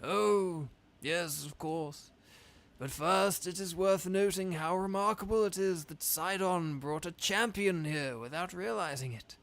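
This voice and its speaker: During a stream, a man reads aloud a video game character, a pompous old fish king holding court. He uses a raised, high-pitched, slightly bright voice that is jovial and unhurried, stretching each formal phrase into grand, drawn-out delivery with Trump-like, politician-style rhythms.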